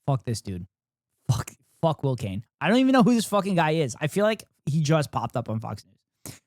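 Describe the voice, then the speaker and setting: A woman's voice: deep voice, big pitch swings, normal speed, a little mellow, no echo. Sarcastic woman streamer, dry sound. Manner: profane, incredulous, sarcastic. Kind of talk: casual reaction commentary.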